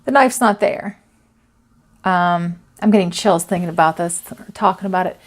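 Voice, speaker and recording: A woman telling a personal ghost story to camera, anxious and halting, with many restarts and fillers. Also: lowish voice.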